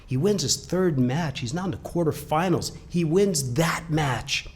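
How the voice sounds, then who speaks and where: Male storyteller, husky tone, animated, drops to near-whispers for drama. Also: a little high, measured pace. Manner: animated, swings from loud to hushed. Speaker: webcast presenter. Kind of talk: motivational storytelling.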